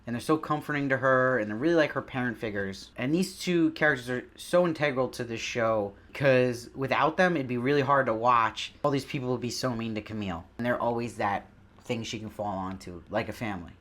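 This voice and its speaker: A man with a voice of ordinary, middle pitch hosts his own review show and talks through a TV episode in a loose, conversational way. He sounds enthusiastic and often turns to his audience with questions. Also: brisk, a bit bright. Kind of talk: casual spoken episode review.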